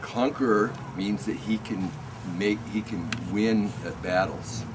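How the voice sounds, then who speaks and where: A man telling a bedtime story to a child in a gentle, animated way, in a noisy home recording. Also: fairly low pitch, slow.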